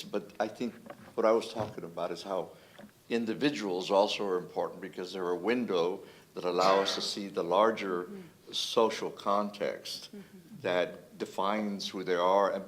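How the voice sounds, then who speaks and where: Brief: male panelist, very low voice, measured and reflective. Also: a little hiss or hum. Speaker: symposium panelist. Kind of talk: academic discussion.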